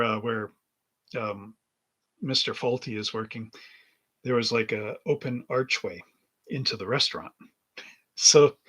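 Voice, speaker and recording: A man's voice: mid-range voice, a bit bright. A middle-aged man hosting a model-building livestream, rambling through anecdotes in casual chat and chuckling often as he works at his bench.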